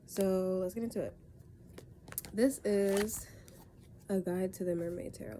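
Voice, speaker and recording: A woman's voice: medium pitch, steady tone, unhurried, long pauses, dark tone, a little hiss or hum. A young woman with a stuffy cold, giving a casual tarot reading from her bed and rambling as she corrects herself. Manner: rambling, loose and self-correcting. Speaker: tarot reader. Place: in bed at home.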